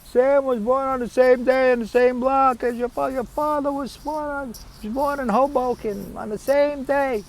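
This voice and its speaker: A man putting on a high, nagging old aunt. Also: fairly even intonation, normal speed, hardly any pauses, poor audio. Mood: insistent. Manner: repetitive, insistent. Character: older nagging woman, the narrator's aunt.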